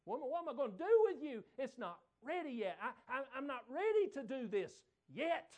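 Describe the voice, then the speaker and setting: A man preacher voicing a young man in a sermon, pleading and exasperated, his voice pushed high and loud. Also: sing-song, fairly quick.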